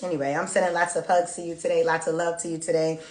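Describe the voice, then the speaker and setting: A woman's voice: fairly low pitch, flat delivery, fast, roomy sound. A woman giving a live tarot reading. She answers viewers' chat in an emotional, prayerful, chatty way. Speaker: tarot reader.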